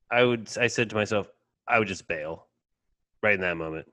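Low-voiced joking man, dry sound. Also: expressive, moderate pace, a bit bright, no room sound. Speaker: podcast co-host. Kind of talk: casual chat. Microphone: video call.

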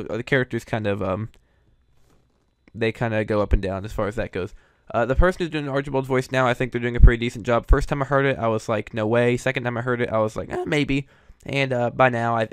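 A man's voice: mid-range voice, smooth, no echo. Man giving casual, rambling commentary. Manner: rambling, hedging with fillers. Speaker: host reviewing voice recasts.

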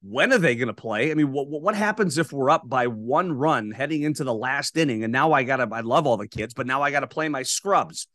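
A man's voice: medium pitch, fairly quick, few pauses, dry recording, clean studio sound. Folksy chatty man hosting a podcast. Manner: chatty, folksy, animated storytelling. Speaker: podcast host. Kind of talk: solo podcast monologue with sponsor read. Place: small isolated studio.

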